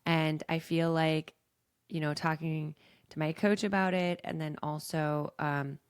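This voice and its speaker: A woman's voice: low voice, little pitch movement, unhurried, clean tone, dry recording, clean studio sound. A woman podcast host and coach, talking candidly and reflectively about her own experiences in a personal monologue.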